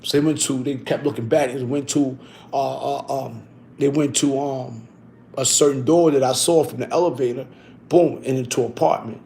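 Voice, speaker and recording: A man's voice: medium pitch, steady tone, normal speed, gravelly, warm tone, a little hiss or hum. A man recounting his own past in casual street slang, tagging lines with "you heard," and stumbling and correcting himself when reading aloud from a book. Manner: slangy, loose delivery with frequent "you heard" tags.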